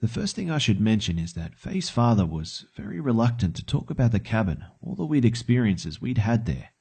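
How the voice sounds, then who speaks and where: Low, mellow-voiced man narrating horror. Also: very animated, fairly quick, slightly rough. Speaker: storyteller. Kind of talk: scripted first-person horror narration.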